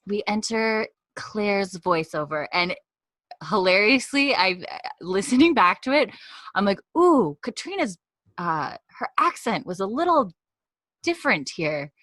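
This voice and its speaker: A woman's voice: medium pitch, sing-song, unhurried, fairly bright tone, dry recording. A young woman co-hosting a podcast, recapping a TV episode in a rambling, chatty way with frequent laughs. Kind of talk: casual chat.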